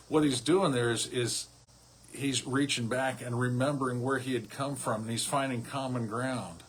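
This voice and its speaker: A man giving a relaxed devotional as a pastor, speaking conversationally and often restarting or repeating his words. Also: mid-range voice, normal speed, slightly rough. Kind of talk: casual devotional sermon.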